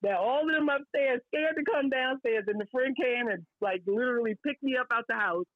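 A woman from Brooklyn, telling a personal story as a podcast guest in a lively, blunt way, full of slang and asides. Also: high-pitched, brisk, dry recording, phone-quality sound. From Brooklyn, New York.

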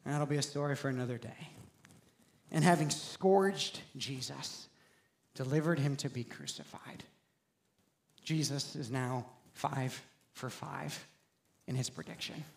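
A man preaching a sermon as pastor, moving from quiet storytelling into loud, shouted preaching. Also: medium pitch, measured pace, gravelly, long pauses, reverberant.

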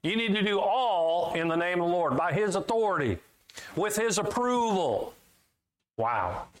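A man's voice: expressive, unhurried. Folksy, emphatic man preaching a sermon. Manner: folksy, emphatic, swinging between loud highs and low asides.

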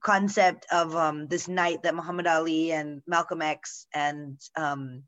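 A woman's voice: sits low, steady tone, measured pace, fairly bright tone. A woman co-hosting a casual chat, sharing strong opinions in a loose, rambling flow full of asides.

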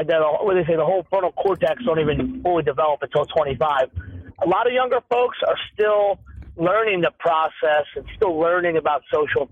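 A man in his late thirties with a fairly high voice talks candidly. He is rambling and emphatic, restarting his sentences and swearing now and then. The sound is thin and phone-like, with no room at all. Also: dry recording. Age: 30s. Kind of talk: candid conversational talk. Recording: tinny phone-like sound, dry.

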